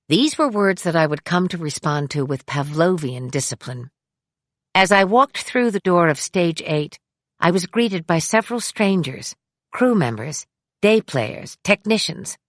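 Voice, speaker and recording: A middle-aged woman reading her memoir aloud in a measured way, giving the quoted people raised voices. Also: sits low, a bit bright, no room sound, studio quality. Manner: measured, acts out dialogue with raised voice. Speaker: memoir narrator. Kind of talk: audiobook memoir narration.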